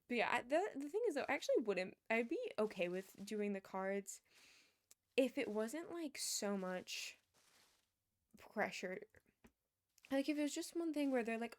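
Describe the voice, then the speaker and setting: Young woman, streamer, casual rambling chat, fillers and restarts, slightly high voice. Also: expressive, moderate pace.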